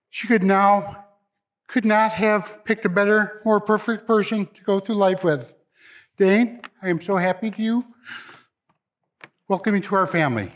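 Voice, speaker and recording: Tearful man giving a wedding toast. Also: high voice. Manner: emotional, halting, with stumbles. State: crying. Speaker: father of the bride. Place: wedding reception.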